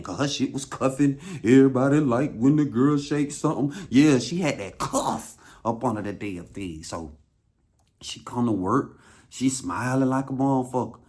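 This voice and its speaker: A man's voice: mid-range voice, expressive, normal speed, a little mellow. A man with an Atlanta Southern accent telling a first-hand story in a casual, slang-heavy way, repeating words for emphasis. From Atlanta, USA.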